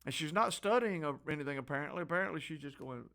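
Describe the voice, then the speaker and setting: A man's voice: fairly high pitch, expressive, fast, creaky, sharp tone. Opinionated man reading headlines. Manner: offhand and opinionated, with frequent restarts. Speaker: host. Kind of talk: casual news commentary.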